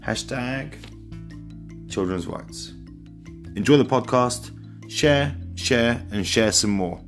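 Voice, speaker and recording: A man's voice: medium pitch, animated, slow, over music. A man hosting a podcast, giving a loose, rambling intro and correcting himself as he goes. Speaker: podcast host.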